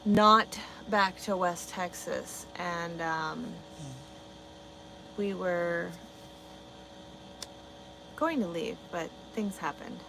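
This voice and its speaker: A woman's voice: on the low side, extremely slow, vocal fry, long pauses. Trucker lady on a live stream, swears constantly, sassy back at chat, noisy audio. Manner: blunt, swears a lot, talks back to chat. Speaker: truck driver livestreamer. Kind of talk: casual livestream chat reading comments.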